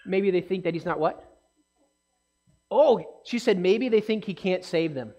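A woman leads a Bible lesson for a young audience in a lively, animated way. She keeps checking in with questions for the group and brings the crowd's words to life as she reads them out. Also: fairly low pitch, measured pace, dull audio. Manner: animated, asks the listeners questions. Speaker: children's Bible teacher.

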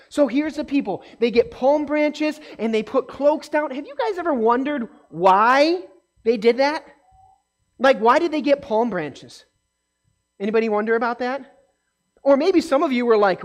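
A woman telling a Bible story to children in an animated way, often asking the kids questions. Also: on the high side, moderate pace. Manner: acts out voices and quotes in the story.

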